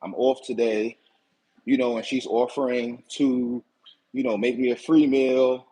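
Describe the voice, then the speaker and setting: A man's voice: medium pitch, little pitch movement, measured pace, warm tone, low-quality recording. A man hosting his own channel tells a casual, aggrieved story. He is slangy, repeats himself and keeps asking "you know what I'm saying.". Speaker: channel host.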